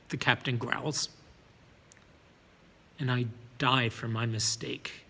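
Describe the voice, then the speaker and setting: A man's voice: medium pitch, fairly even intonation, takes it slowly, gravelly, pauses often, sharp tone, husky, long reverb tail. A man narrating a first-person story, sometimes repeating words as he reads.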